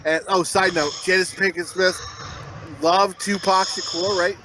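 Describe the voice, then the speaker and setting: A man's voice: high voice, flat delivery, measured pace, background noise. A man co-hosting a comedy podcast, rambling through crude stories in casual chat and laughing often. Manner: rambling, profane, laughs a lot. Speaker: podcast co-host.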